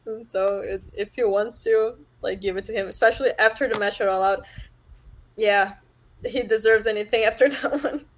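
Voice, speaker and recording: A woman's voice: medium pitch, steady tone, normal speed, a little hiss or hum, poor audio. Chatty woman with lots of fillers. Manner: enthusiastic, filler-heavy. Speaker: podcast co-host. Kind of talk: casual wrestling chat.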